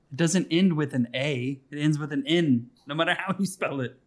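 A man co-hosting a casual podcast, dropping dry, teasing quips. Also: fairly high pitch. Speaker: podcast co-host.

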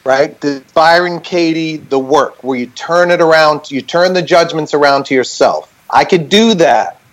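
Animated man explaining on a call. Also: fairly high pitch, moderate pace, rough recording. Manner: animated, talks things through with many "right?" checks. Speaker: band member on a group call. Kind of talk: casual explanatory chat. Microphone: remote call.

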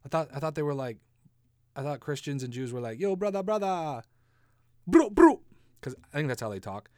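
A man's voice: medium pitch, quick pace, dry recording, studio quality. A man hosting a casual comedy podcast, rambling and sarcastic, swearing casually and laughing at his own jokes. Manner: swears casually, slips into silly voices. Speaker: podcast host.

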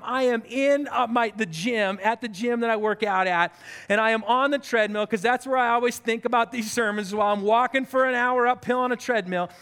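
High-voiced pastor preaching in a hall. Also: male voice, clear, resonant tone. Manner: animated storytelling with comic outbursts. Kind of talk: sermon. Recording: long reverb of a large hall.

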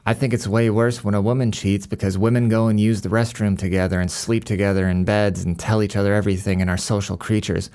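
A man's voice: fairly low pitch, level tone, fast, few pauses, darkish tone. A male podcast host in a worked-up, profane monologue, stumbling over restarts as he rants.

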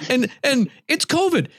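A man's voice: very high-pitched, very animated, slow pace, a bit bright, no room sound, clean studio sound. A middle-aged man co-hosting a podcast, telling a long story in casual chat and laughing often. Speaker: podcast co-host.

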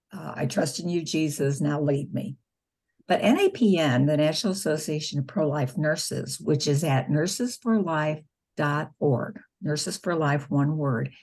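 Her voice is deep, husky and darkish: a middle-aged nurse and pro-life spokeswoman earnestly relating patient stories in an interview. She acts out the exchanges in a conversational storytelling style.

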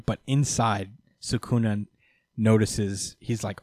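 A podcast host walks his friends through a manga chapter in a casual, animated way, acting out the characters' dialogue and swearing liberally. His voice is lowish and his pace measured, captured in a dry, studio-quality recording.

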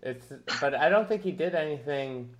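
A man talking casually on a sports podcast, lively as he makes his picks. His voice sits at an ordinary pitch. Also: normal speed, highs cut off. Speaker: podcast co-host.

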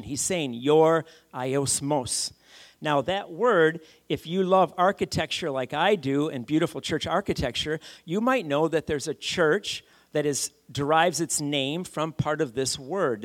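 A male pastor delivering a sermon in a slightly raised register. He leans hard on key phrases, repeats them for weight and puts questions to his listeners. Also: on the high side.

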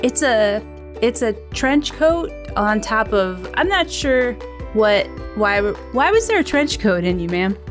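A woman's voice: on the high side, very animated, unhurried, soft background music. A woman playing a baffled rambling doctor. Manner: hesitant, rambling. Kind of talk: improv comedy scene.

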